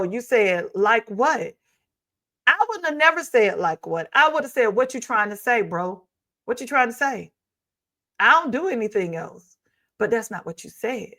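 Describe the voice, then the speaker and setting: A woman hosting a talk show, commenting on reality TV in a chatty, gossipy, sassy way. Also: medium pitch.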